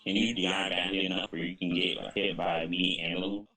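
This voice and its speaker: A man's voice: deep voice, level tone, a little fast, sharp tone. A man chatting casually with a friend while playing a fighting game, swearing and keeping his replies short. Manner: laid-back, curse-laden, brief replies. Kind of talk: casual gaming chat.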